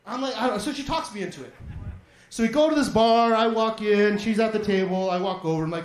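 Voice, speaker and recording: A man with a strikingly high voice rambles through a crude, self-mocking stand-up story. He swears freely and laughs at himself as he goes. The sound bounces around a small, echoey club. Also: a little fast. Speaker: stand-up comedian. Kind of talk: stand-up set. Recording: echoey comedy club stage.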